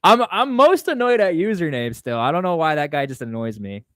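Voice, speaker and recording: A man's voice: fairly high pitch, big pitch swings, brisk, dry recording, clean studio sound. A man hosting a casual livestream Q&A, reading chat questions aloud and answering in a rambling, offhand way. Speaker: livestream host.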